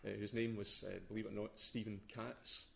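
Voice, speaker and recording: A man's voice: lowish voice, little pitch movement, brisk, creaky, a little hiss or hum. A man explaining the story behind a poem, talking casually with lots of hesitations and restarts. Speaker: poetry blogger. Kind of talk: casual talk before a reading.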